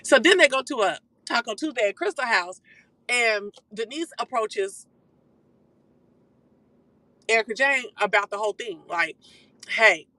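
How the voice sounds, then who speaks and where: A live-stream host dishes gossip from behind the wheel, talking quickly and swearing freely. The voice is bright and forceful, with an animated, chatty delivery. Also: mid-range voice, no echo, low-quality recording. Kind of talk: casual gossip recap. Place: car while driving.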